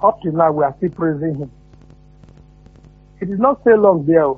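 Nigerian caller on a tinny phone line. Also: male voice, on the high side, moderate pace, breathy edge. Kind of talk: phone-in opinion.

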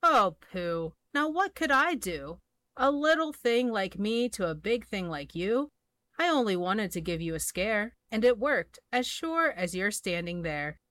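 A woman's voice: medium pitch, big pitch swings, unhurried, fairly bright tone, dry recording. A small, cheeky male mouse from a picture book, voiced by a woman reading aloud. He teases and scolds in a raised voice. The recording is dry and close. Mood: teasing. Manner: teasing, bossy. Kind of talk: storybook reading.

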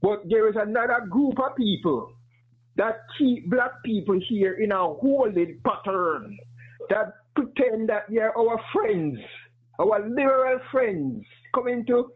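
A man's voice: high voice, lively intonation, a little slow, slightly rough. A male caller speaking fervently into a call-in show, building his points into a long question. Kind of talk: impassioned call-in commentary. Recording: tinny phone line.

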